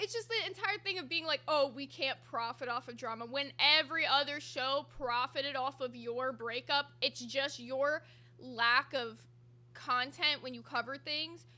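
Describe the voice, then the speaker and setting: A woman's voice: sits high, moderate pace, pushed and bright. A woman hosting a commentary stream, blunt and mocking, swearing freely. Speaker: host.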